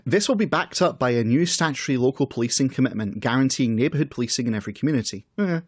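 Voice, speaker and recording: On a casual podcast, a male co-host reads aloud from a political manifesto, quoting passages and then adding dry, wry asides. His medium-pitched voice is breathy, fast, and lively in intonation, recorded close to the mic with a dry, echo-free sound.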